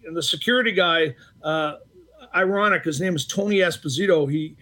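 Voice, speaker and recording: An older man from the Boston area spins anecdotes in a relaxed interview, voice sitting high for a man. He acts out both sides of old arguments and stumbles through fillers and restarts as he goes. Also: a little fast, slight background noise. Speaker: retired hockey referee, guest. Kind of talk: casual storytelling interview.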